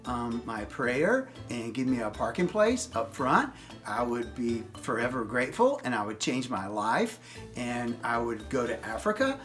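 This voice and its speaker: A middle-aged man imitating a young up-talker, airy and unsure, every line ending on a question. The voice is slightly lower and quieter than his usual talk. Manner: every phrase rises like a question.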